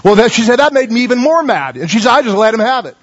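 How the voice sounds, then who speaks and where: A man's voice: extremely high pitch, sing-song, rapid-fire, muffled recording. A man preaching a sermon as pastor, calling out for amens and telling folksy stories.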